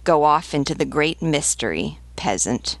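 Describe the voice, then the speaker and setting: A swaggering, scornful soldier, read by a woman narrator taunts in a creaky, gravelly voice. His tone mocks and sneers. The recording is dry and close, like a storybook read aloud. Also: low voice, animated, moderate pace, dry recording. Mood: taunting. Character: brash mocking wounded male soldier.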